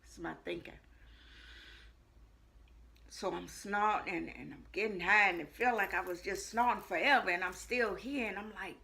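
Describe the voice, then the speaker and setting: A woman with a low, gravelly voice that still cuts through sharp and bright. She tells her personal testimony with earnest repetition and swings between hushed lines and loud ones. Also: unhurried, pauses often. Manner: earnest storytelling with frequent repetition. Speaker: life coach.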